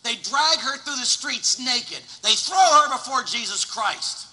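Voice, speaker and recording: Man in his forties, sermon, sharp tense voice, long church echo. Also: very high voice, measured pace. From Pittsburgh, USA. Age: 40s. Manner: animated, storytelling, swings from shouting to hushed. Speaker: priest.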